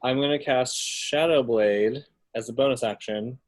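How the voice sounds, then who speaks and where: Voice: mid-range voice, a little slow. A cheerful, chatty player in a tabletop game, describing their turn.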